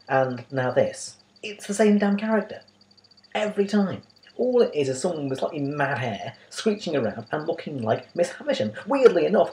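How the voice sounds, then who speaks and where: A man's voice: on the high side, a little mellow, poor audio. A man giving a casual, opinionated spoken film review, often asking exasperated rhetorical questions.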